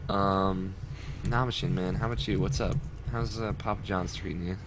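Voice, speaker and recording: A podcast host with a deep voice chats casually over a video call at a moderate pace, an animated storyteller who laughs often. The online call audio is noisy.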